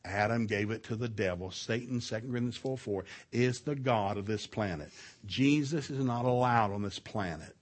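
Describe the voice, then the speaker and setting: Husky, folksy preacher man. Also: moderate pace. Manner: loud and animated, with big jumps in pitch and volume and laughter at his own stories; folksy storytelling mixed with scripture reading. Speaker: preacher at a marriage seminar. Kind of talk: sermon.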